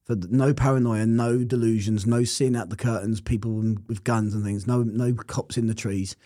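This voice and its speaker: A man's voice: fairly low pitch, steady tone, moderate pace, dark tone, no echo, clean studio sound. A man telling his personal testimony in an interview, earnest and reflective. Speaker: interview guest.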